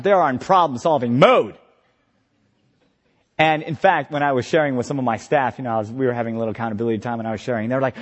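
A man preaching a sermon as pastor, impassioned, moving between quiet reflection and loud exhortation. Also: mid-range voice, animated, brisk. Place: retreat meeting hall. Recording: long hall reverb.

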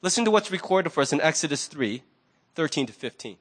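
A man with a high voice preaches a sermon. He keeps it conversational and animated, as if telling a story to friends, and the pitch rises and falls as he talks. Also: brisk. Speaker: pastor.

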